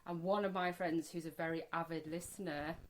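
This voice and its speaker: A woman's voice: on the low side, steady tone, brisk, a little hiss or hum. A middle-aged woman co-hosting a podcast in casual chat, telling stories with laughter and easy swearing. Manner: chatty, swears freely, laughs through stories. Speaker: podcast co-host.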